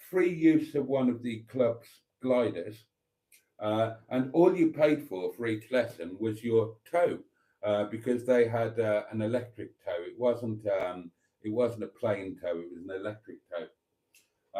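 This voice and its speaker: Mellow, middle-pitched male host, rambling and teasing in casual chat. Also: rough recording. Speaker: host of a live stream.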